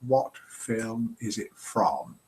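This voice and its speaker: A man's voice: on the low side, very animated, extremely slow, a little mellow. A man hosting a live show, playfully reading viewer comments aloud and chuckling.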